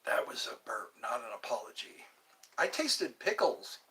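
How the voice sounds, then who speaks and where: A man's voice: medium pitch, big pitch swings, normal speed, bright, forceful tone, whispered. A man hosting a casual livestream, chatting playfully and reading out his viewers' comments. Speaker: livestream host. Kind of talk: casual live chat.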